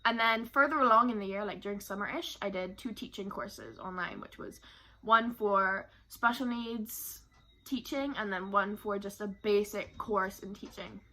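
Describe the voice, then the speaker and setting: A woman's voice: mid-range voice, normal speed, pushed and bright. A young woman from Barbados, talking candidly to camera about her life in a rambling, emotional way. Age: young adult. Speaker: vlogger. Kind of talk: personal talk to camera.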